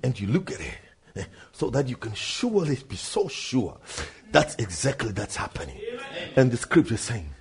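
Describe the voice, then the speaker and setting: A male preacher delivering a sermon, repeating phrases for emphasis and calling out to brother and sister, shifting from low asides to loud shouts. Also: very animated, normal speed.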